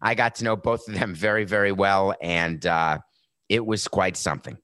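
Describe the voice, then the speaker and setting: A man's voice: low voice, fairly even intonation, normal speed, a bit bright, no echo. A middle-aged man hosting a sports talk show, giving a brash, sarcastic monologue with a tired, sore voice. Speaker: podcast host.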